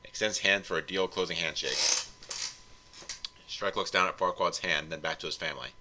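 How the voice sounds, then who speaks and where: A man doing a comedic read-through of a bad fan story, deadpan with wry asides. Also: sits low, normal speed, background noise. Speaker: fanfiction reviewer reading aloud.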